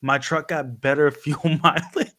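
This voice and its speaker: A young man with a somewhat higher voice, talking easily and with amusement in a casual podcast chat. He mostly gives short replies and laughs along. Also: little pitch movement, measured pace, fairly bright tone. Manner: laid-back, mostly brief agreeing replies, amused. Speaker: podcast host, the son.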